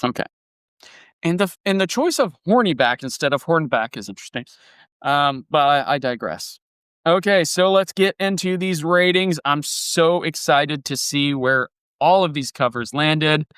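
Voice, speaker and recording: A man co-hosting a music podcast in casual chat, enthusiastic and quick to laugh, reading song lyrics aloud and musing on them. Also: fairly high pitch, animated, fairly bright tone, smooth, no room sound. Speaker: podcast co-host.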